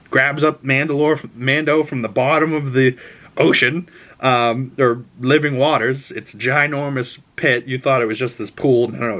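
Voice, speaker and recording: A young man talks through an episode recap in a loose, unscripted way, full of fillers and restarts. His voice sits at an ordinary middle pitch, and he swears freely and lets his excitement show. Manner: rambling, swears freely, gets openly excited.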